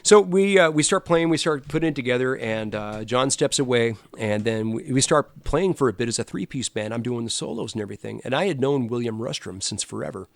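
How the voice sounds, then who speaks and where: Gravelly-voiced man telling animated stories. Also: mid-range voice, brisk, few pauses, dry recording. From Los Angeles. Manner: animated storyteller, acts out quoted voices. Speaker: guest musician. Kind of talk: casual storytelling interview.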